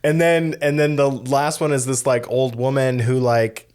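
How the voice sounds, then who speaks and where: A man's voice: mid-range voice, flat delivery, normal speed, a little mellow, clear, resonant tone. Rambling man co-hosting a film podcast. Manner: rambling, many restarts and fillers. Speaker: podcast co-host. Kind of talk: casual film discussion.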